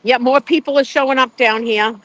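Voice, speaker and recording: A woman's voice: high-pitched, fairly even intonation, moderate pace, a bit bright, no echo. A woman live streaming by phone outside a courthouse, chatty, greeting viewers by name and swearing casually. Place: outdoors at a courthouse.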